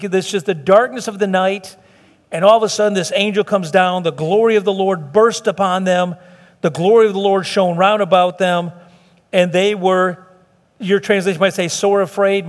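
A man's voice: high-pitched, fairly quick. A middle-aged man, preaching a sermon in a conversational way, often acting out quotes and restarting. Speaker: pastor. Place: church sanctuary. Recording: long hall reverb.

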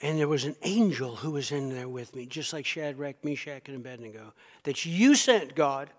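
A man's voice: medium pitch, animated, moderate pace, big-room sound, natural voice. A man preaching a sermon speaks as Daniel, a faithful prophet recounting his night among lions. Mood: earnest.

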